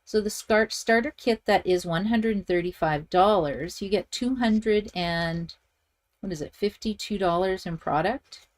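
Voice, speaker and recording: Middle-aged lady doing a live stamping tutorial, chatty, thinks out loud, reads comments. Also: medium pitch, a little slow. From Canada. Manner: chatty, thinks aloud while working, reads viewer comments. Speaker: card-making instructor.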